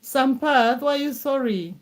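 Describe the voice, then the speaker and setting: Speaking at a measured pace in a high-pitched voice, a middle-aged woman from Kenya answers comments on her live stream. She keeps things casual and reassuring, often repeating herself.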